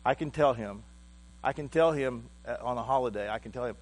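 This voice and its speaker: A male pastor preaching with a mid-range voice, halting and heartfelt, stumbling over repeated words. A low mains hum runs under the recording. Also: animated. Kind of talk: sermon.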